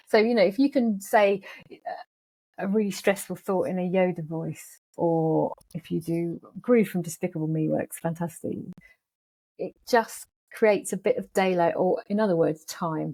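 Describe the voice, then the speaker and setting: A woman psychologist, talking animatedly as an interview guest and acting out anxious thoughts. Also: lowish voice. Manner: lively, animated, acts out thoughts in quoted voices. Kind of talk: casual interview talk.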